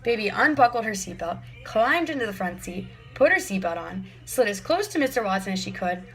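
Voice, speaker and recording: A woman narrating a children's story in clear, measured scripted narration. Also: medium pitch, very animated, soft background music, low-quality recording. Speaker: audiobook narrator.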